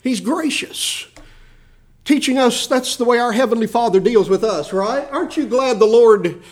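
A man's voice: very high voice, expressive, moderate pace. A man preaching a sermon, asking the listeners questions and acting out the voices of the people in his story. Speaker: pastor.

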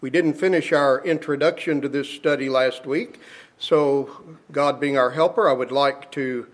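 A man preaching a sermon, reading scripture aloud in a measured, emphatic way and slowing for key words. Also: mid-range voice.

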